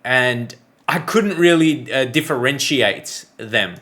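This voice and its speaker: A man's voice: mid-range voice, expressive, slow pace, bright, forceful tone. An Australian man hosting a reaction video, chatting casually and restarting his thoughts as he goes. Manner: rambling, restarts mid-thought.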